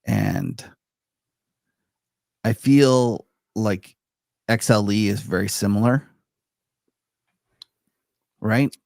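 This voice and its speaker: Gravelly man chatting loosely on a podcast. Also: lowish voice, wildly swooping pitch, very slow, long pauses, darkish tone, dry recording, studio quality. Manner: loose, filler-heavy talk, laughs easily. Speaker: podcast co-host. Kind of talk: casual market chat.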